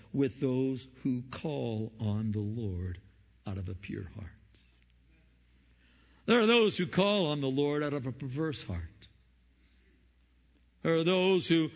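A male pastor preaching slowly and deliberately, leaning on emphasis and rhetorical questions. His voice carries a long hall reverb, and the recording sounds dull and lo-fi. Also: fairly high pitch, fairly bright tone. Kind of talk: sermon.

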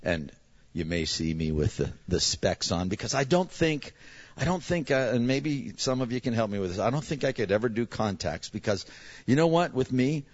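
A man's voice: mid-range voice, lively intonation, moderate pace, muffled recording. A middle-aged man, a pastor, telling a chatty, self-mocking story to his congregation and acting out the voices of others. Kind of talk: casual storytelling from the pulpit.

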